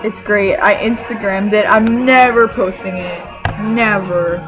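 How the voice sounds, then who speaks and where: A woman from Canada telling a story to her camera in an excited, rambling way, full of fillers and restarts. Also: mid-range voice, measured pace, over music, poor audio. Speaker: vlogger.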